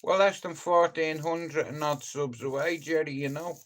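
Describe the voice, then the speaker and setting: A man's voice: a little high, steady tone, moderate pace, a bit bright. A man hosting a live stream, rambling through stories in casual chat and swearing freely as he talks straight to his viewers. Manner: profane, rambling storyteller who addresses viewers directly. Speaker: livestream host.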